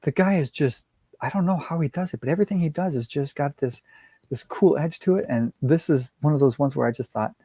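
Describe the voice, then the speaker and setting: A man's voice: a little high, brisk, mellow, breathy edge, no echo. A man in casual chat as a guest, rambling with frequent laughs and restarts, over a video call. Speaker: guest comic art collector.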